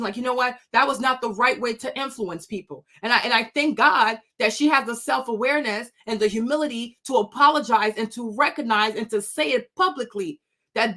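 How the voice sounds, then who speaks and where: A woman's voice: fairly high pitch, sharp tone. A woman hosting her own commentary channel, scolding and mocking critics in a sassy, unscripted rant full of laughter.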